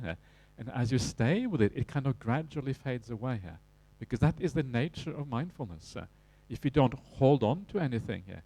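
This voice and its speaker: A man with a Norwegian accent giving an evening dharma talk as a Buddhist teacher, relaxed, with many "uh" fillers and tag questions. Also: medium pitch, no room sound.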